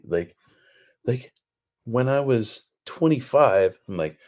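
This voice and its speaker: A man's voice: medium pitch, takes it slowly, pauses often. A man in his forties hosting a podcast, telling rambling stories in a casual conversation. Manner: rambling, animated storytelling. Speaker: podcast host.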